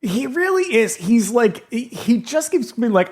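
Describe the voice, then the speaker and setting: A wry podcast co-host with a middle-pitched voice, trading sarcastic remarks about a film in casual chat. The voice moves a lot in pitch and often drops into a quiet, dry aside. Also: very animated, unhurried, few pauses, husky. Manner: wry, sarcastic asides, reads from notes, laughs.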